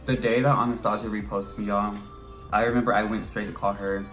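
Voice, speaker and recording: A man's voice: lowish voice, level tone, brisk, fairly bright tone, soft background music. A teenage man vlogging, telling a story in a casual chat and acting out his own past lines with lots of energy. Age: teens.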